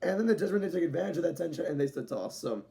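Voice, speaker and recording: A man's voice: fairly high pitch, expressive, racing, gravelly, mellow. A young man giving a casual, rambling wrestling show review, correcting himself and laughing often.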